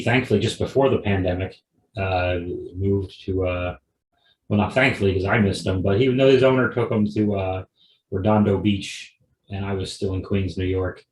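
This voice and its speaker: Man, lowish voice, rambling comedy podcast chat, wry, echoey room. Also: a little mellow, slight background noise. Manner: rambling, digressive, with frequent restarts; wry and offhand. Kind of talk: casual solo podcast monologue. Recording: roomy echo.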